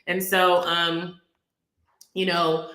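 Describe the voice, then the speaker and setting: Bright-voiced woman coaching on relationships. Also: lowish voice, flat delivery, extremely slow, roomy sound. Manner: earnest, coaching, repeats key phrases. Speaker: relationship podcast host. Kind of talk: casual talk to camera.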